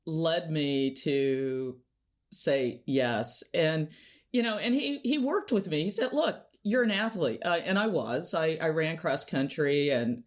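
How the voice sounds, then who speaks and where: A woman guest in an interview, telling stories in an animated way and laughing often. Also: sits low. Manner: animated storyteller, laughs often, acts out quotes. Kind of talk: conversational interview storytelling.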